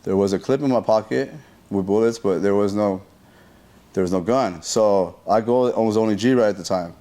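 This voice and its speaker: A man's voice: fairly low pitch, normal speed. A man telling a story in a casual interview, using slang and profanity, acting out quoted lines and adding sound effects. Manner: animated retelling that acts out what people said.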